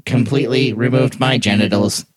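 A man co-hosting a podcast, cracking crude jokes in a lively manner. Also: mid-range voice, moderate pace, no echo. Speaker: podcast co-host. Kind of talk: casual podcast chat.

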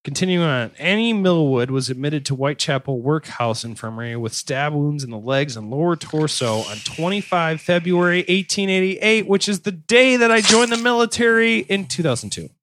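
A man's voice: fairly high pitch, animated, moderate pace, hardly any pauses, a bit bright, a little hiss or hum. A man in his thirties or forties hosting a casual true-crime podcast, reading case notes and riffing with crude jokes. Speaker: podcast host.

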